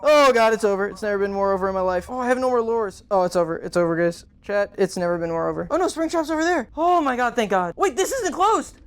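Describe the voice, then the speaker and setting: A woman's voice: medium pitch, expressive, fast talker, few pauses. Woman freaking out playing a scary game, lots of jumpy yelps, talks to chat all casual. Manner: jumpy, exclaiming, frequent frightened outbursts. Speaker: gaming channel host. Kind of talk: live horror gameplay reactions.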